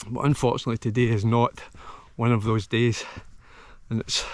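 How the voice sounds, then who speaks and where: A man's voice: medium pitch, steady tone, a little slow, a little mellow, no echo. Tired Scottish man on a mountain. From Scotland. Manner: rambling, heartfelt, with restarts. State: tired from a long walk. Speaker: hillwalking vlogger. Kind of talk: casual to-camera vlog. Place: outdoors on a mountain ridge.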